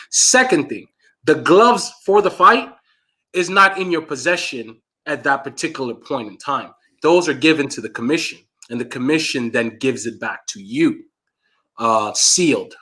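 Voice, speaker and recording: A man's voice: mid-range voice, pushed and bright. A man co-hosting a casual combat-sports podcast, explaining things in a conversational way with plenty of fillers. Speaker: co-host.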